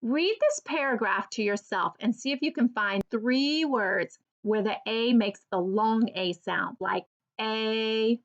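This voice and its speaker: A woman teacher giving an early reading lesson for children, slowly and clearly sounding out each word. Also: fairly high pitch, lively intonation, muffled recording.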